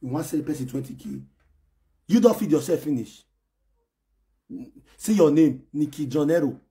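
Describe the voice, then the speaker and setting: Excitable man ranting. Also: a little high, normal speed. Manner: excitable, scolding, repeats himself, bursts into shouts. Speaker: online personality ranting to fans. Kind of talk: animated pidgin rant.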